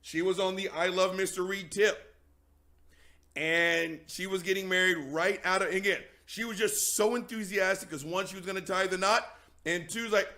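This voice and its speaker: High, bright-voiced man telling a story. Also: moderate pace. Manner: profane, emphatic, addresses audience as "gang". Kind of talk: emphatic storytelling.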